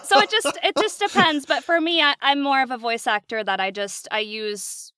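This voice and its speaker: Woman voice actor guest, chatty and animated, laughs a lot, pretty high voice. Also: moderate pace, heavy background noise. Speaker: voice actress guest. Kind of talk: casual podcast interview.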